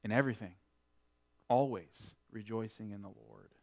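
A man preaching a sermon, quoting scripture in old-fashioned wording and swinging between emphatic peaks and quieter asides. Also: normal speed. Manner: emphatic preaching, rising and falling in pitch and loudness. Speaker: pastor.

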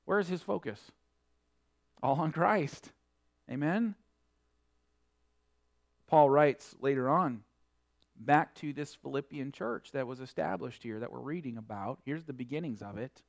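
A man preaching a sermon, quoting scripture in old-fashioned wording and swinging between emphatic peaks and quieter asides. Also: unhurried, gravelly, pauses often. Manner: emphatic preaching, rising and falling in pitch and loudness. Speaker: pastor.

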